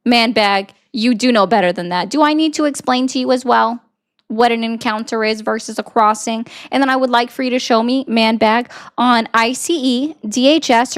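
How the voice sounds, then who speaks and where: A woman doing blunt, sarcastic political commentary on a livestream, reading and answering viewer comments. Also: on the high side. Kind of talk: casual live-stream commentary reading chat.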